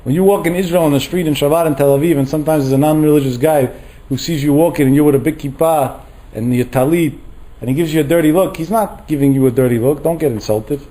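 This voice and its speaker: A man's voice: a little high, fast talker, rough recording. A middle-aged man giving a Torah lecture as a rabbi, telling stories and acting out the voices he quotes. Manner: animated, acts out quoted voices.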